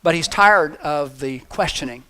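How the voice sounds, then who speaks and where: A man preaching a sermon with a high-pitched voice. He tells the story casually and jokes along the way, with a storytelling manner. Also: lively intonation, a little slow, pushed and bright, smooth. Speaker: pastor.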